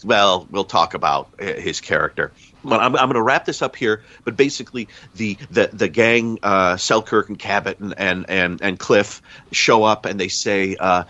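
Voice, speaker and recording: A man's voice: on the low side, pushed and bright, dry recording, dull audio. A man on a podcast giving a casual, rambling plot recap, often stopping to correct himself. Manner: rambling, self-correcting storyteller. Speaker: podcast panelist.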